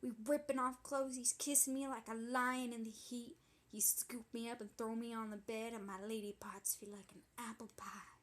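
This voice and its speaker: A woman's voice: on the high side, steady tone, normal speed, few pauses, close to an everyday voice. A woman playing a sassy, dramatic young woman who tells a wild story in a breathless, indignant, gossipy way, as a comedy monologue. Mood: dramatic gossip.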